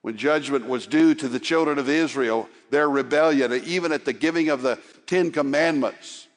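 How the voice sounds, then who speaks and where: In an impassioned sermon, a male preacher with a mid-range voice speaks at normal speed. He swells into loud urging, then sinks to quiet, hushed tones. A long hall reverb makes his voice ring.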